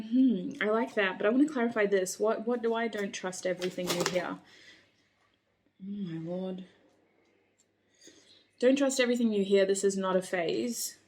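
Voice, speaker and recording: A woman reading tarot cards for her viewers in a casual, chatty way, musing aloud with frequent ums and likes. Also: mid-range voice. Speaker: tarot reader.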